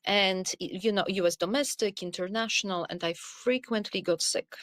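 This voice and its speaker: Middle-aged woman, podcast guest, earnest and animated storyteller, close dry sound. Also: mid-range voice, normal speed, hardly any pauses, dry recording. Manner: earnest, animated storytelling with frequent "you know". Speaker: podcast guest, wellness coach. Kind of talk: conversational interview storytelling.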